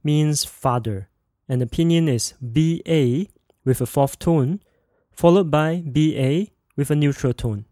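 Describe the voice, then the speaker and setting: A man hosting a podcast language lesson, modeling sounds slowly and clearly for listeners to repeat. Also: fairly high pitch, dark tone, no echo, studio quality. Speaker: language teacher and podcast host.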